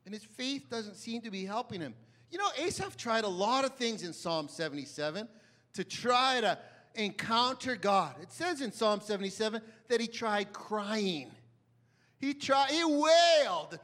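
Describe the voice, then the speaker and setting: A man preaching a sermon with dramatic swings between loud emphasis and hushed asides, often asking his listeners questions. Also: high-pitched. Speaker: pastor.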